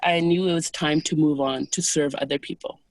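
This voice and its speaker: A woman as an interview guest, calmly recounting personal experiences in a soft, unhurried, hesitant way. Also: low voice, no room sound. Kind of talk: personal storytelling in conversation.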